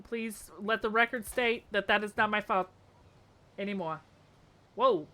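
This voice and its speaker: A young woman live-streaming, chatting casually with her chat in a bubbly, slangy way that bursts into excited shouts. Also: a little high, a little slow, long pauses.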